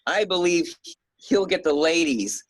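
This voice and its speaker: A man's voice: fairly high pitch, animated, measured pace, no room sound, rough recording. A middle-aged man being interviewed as an author, rambling in a casual way with frequent chuckles and restarts. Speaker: guest author.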